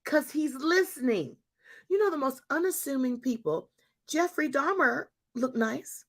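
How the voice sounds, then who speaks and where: A woman in her fifties hosts a faith-centered talk in an expressive storytelling voice that leaps up and down. Her voice sits a little above the usual range, and she drives points home by repeating them. She speaks to her audience directly and casually. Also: high-pitched, measured pace. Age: 50s. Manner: animated, emphatic repetition, addresses listeners as y'all. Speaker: host.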